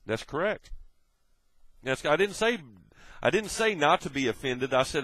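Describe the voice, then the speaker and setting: A man's voice: fairly high pitch, animated, a little slow, fairly bright tone, no echo, poor audio. Blunt, swearing man ranting. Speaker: video blogger. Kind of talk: profane ranting monologue.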